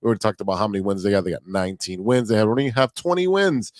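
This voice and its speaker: Low-voiced easygoing male host. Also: very fast, no room sound. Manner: easygoing, laughs along, runs through stats. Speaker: podcast host. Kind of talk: casual chat and segment hosting.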